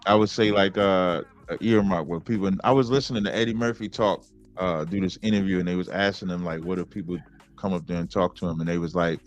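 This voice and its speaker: A man talking as a guest on a podcast, telling stories in a relaxed, drawn-out way. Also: sits low. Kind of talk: casual podcast interview.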